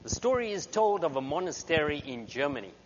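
A man preaching a sermon as a guest speaker, telling stories in an animated way. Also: fairly high pitch, brisk. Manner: animated storyteller. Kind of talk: sermon with storytelling. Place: church sanctuary. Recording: dull recording in reverberant hall with hum.

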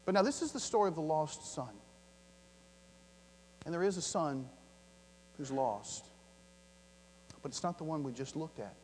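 A high-pitched man preaches a sermon in a large church hall, his voice trailing off into a long reverb. He swings from loud, driven emphasis to soft, hushed lines and acts out the voices of the story's characters. A low mains hum sits under the recording. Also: animated, a little slow, long pauses. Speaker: pastor.

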